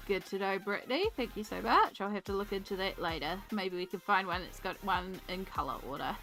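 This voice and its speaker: A woman's voice: mid-range voice, fairly quick, a bit bright, soft background music. A woman with a congested voice, chatting casually with her livestream viewers while she colours, giggling often and reading out chat names. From Australia.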